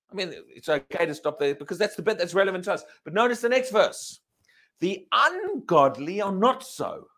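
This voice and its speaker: Guy preaching, reads verses and keeps asking the crowd stuff, pitch jumps all over. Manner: emphatic, asks the congregation questions; lively, swinging pitch. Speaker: pastor. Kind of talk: sermon.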